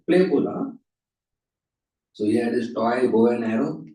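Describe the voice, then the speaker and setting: Man, slow-paced, mellow voice, dramatic storytelling lecture, distant mic, echoey hall. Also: mid-range voice. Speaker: speaker at a temple class. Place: temple hall. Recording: roomy hall, from far off.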